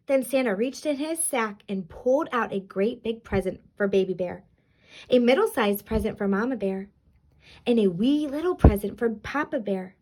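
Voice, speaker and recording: A woman reading a children's storybook aloud in an expressive, animated way. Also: a little high, moderate pace.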